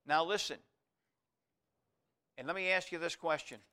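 Middle-aged guy preaching a sermon, bright clear voice, gets loud and high on the big points then hushed when praying. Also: moderate pace. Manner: drops to a quiet, soft voice in prayer. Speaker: pastor.

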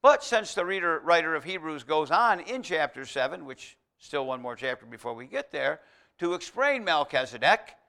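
A man preaching a conversational sermon in a folksy, emphatic way, with restarts and asides that build to loud exhortation. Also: a little high, gravelly.

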